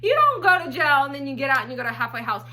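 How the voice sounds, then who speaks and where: A woman telling a personal story on her vlog in a blunt, profane, animated way. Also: sits high, racing, slight background noise. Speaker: storytelling vlogger. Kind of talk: casual storytime.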